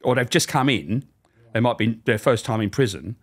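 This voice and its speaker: A man's voice: medium pitch, animated, moderate pace. A middle-aged man, a podcast guest telling funny, sweary stories about his prison days and acting out the voices. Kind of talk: casual storytelling chat.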